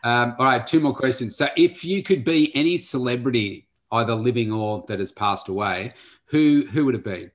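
A male podcast host in a casual chat, asking quick-fire questions. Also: mid-range voice.

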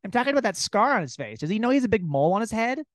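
A man's voice: sits high, sing-song, rapid-fire, no room sound, clean studio sound, pitched above the performer's own voice. A man voicing a nosy, chatty woman at a bar who asks prying questions in a sing-song way.

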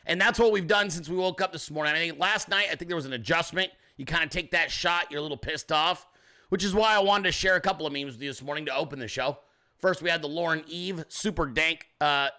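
A man's voice: on the high side, bright, forceful tone. A male podcast host delivering a brash, sarcastic political monologue. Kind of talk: political talk show monologue.

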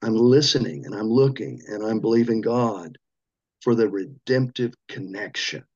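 A man's voice: lowish voice, normal speed, a little mellow, muffled recording. A man speaking as a podcast guest, with an earnest preacher's cadence. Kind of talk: casual chat.

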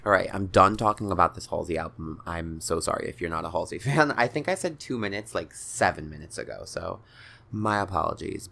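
A young man hosts his own podcast, telling a story in casual chat with his mouth close to the mic. His low voice is creaky, pushed and bright. He's chatty, swears a lot, says "like" constantly, and laughs between phrases.

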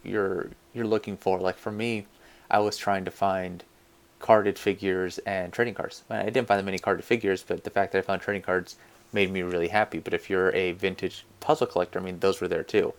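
A man's voice: sits low, steady tone, a little fast. A man co-hosting a podcast, talking in an easygoing way with hesitant starts. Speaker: podcast co-host. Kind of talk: casual chat.

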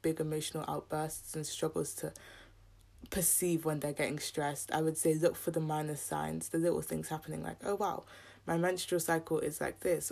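A woman's voice: deep voice, gravelly, darkish tone. A young woman from the UK hosting her own podcast, talking casually and candidly with a scratchy, sore throat and a little out of breath. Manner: chatty, candid and rambling. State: a bit out of breath. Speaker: podcast host. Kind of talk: casual solo podcast chat.

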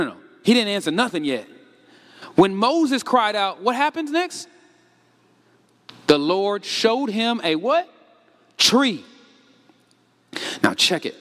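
A man preaching a sermon with animated rhetorical questions, casual slang, and a conversational pull on the congregation. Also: high-pitched, in a large hall.

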